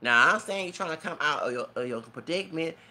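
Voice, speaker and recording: A man's voice: fairly high pitch, animated, fast talker, bright, forceful tone. A man giving an emotional, preachy, rambling rant as a vlogger. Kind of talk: impassioned rant to camera.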